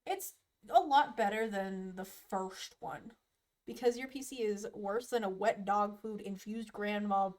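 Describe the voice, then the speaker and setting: A woman's voice: mid-range voice, a little slow, darkish tone. A young woman streaming live from her computer, chatting casually and rambling with frequent giggles as she draws. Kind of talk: casual live-stream chat while drawing.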